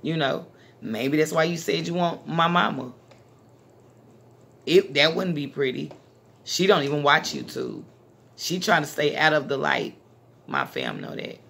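A woman's voice: low voice, sing-song, measured pace, gravelly, pauses often, fairly bright tone, breathy edge. A woman from Dallas, hosting a casual talk conversation in a blunt, emphatic manner. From Dallas, Texas. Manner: blunt, emphatic, street-talking. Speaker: channel host.

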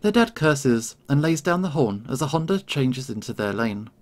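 A man hosting a let's play, reading the narration of a story game aloud in an expressive, dramatic way. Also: medium pitch, moderate pace.

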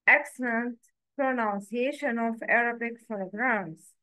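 A woman with a slightly raised voice explains letter sounds at a very slow, deliberate pace. She spells out each sound one by one, like a patient teacher. The recording is dry and close, with no room echo. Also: a little high, sharp tone. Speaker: Quran pronunciation teacher. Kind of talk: slow, careful teaching with repeated example sounds.

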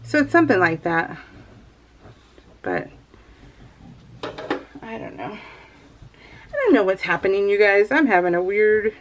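A woman's voice: mid-range voice, big pitch swings, slow, long pauses. Giggly rambling woman crafting vlogger. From California. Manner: giggly, rambling, sing-song. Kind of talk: casual chat while crafting.

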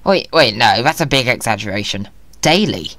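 Male gamer, playful and jokey commentary, very animated intonation. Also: mid-range voice, moderate pace, dry recording. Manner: playful, jokey, talks to himself. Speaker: Minecraft video creator. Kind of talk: casual gameplay commentary.

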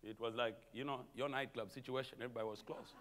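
A man preaching a sermon as pastor, animated, calling out to the congregation and chuckling between points. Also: mid-range voice, fast, long reverb tail. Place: church sanctuary.

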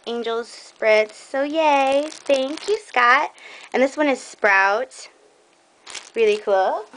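A young woman chatting casually through a scrapbooking haul, excitable and rambling, with many ums. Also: fairly high pitch, slight background noise, poor audio. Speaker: scrapbooking vlogger. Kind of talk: casual show-and-tell haul video.

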